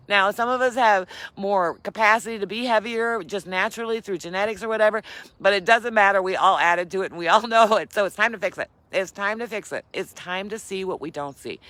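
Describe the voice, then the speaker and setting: A woman's voice: medium pitch, fairly quick, fairly bright tone, no room sound. An older woman and grandmother hosting a casual motivational live stream, repeating her key lines for emphasis and laughing often. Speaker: keto vlogger and host.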